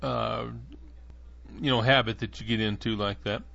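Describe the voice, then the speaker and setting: A man's voice: medium pitch, steady tone, normal speed, creaky, a bit bright, no room sound. Rambling man with a dull lo-fi sound. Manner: rambling, with many fillers and restarts. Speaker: podcast host. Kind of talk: casual monologue.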